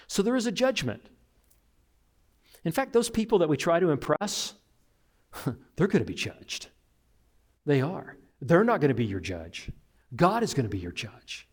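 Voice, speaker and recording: A man preaching a sermon, animated, acting out the voices of people he quotes. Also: medium pitch. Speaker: pastor.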